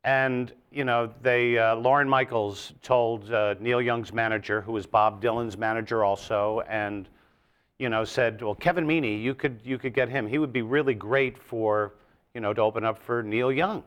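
A man, a comedian, telling stories in a casual podcast chat and bursting into loud, high crowd impressions. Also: normal speed, smooth. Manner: animated storyteller, jumps into loud high-pitched crowd impressions. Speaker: comedian guest.

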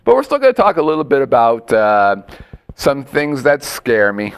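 A man's voice: medium pitch, normal speed, clean tone. A man hosting a casual web show, joking around and laughing with his co-host. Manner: joking, animated, breaks into laughter and silly voices. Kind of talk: casual chat.

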